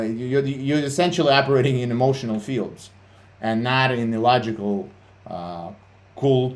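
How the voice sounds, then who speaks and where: A man's voice: mid-range voice, darkish tone. Man, livestream host, casual talk, profane, blunt, fillers and restarts.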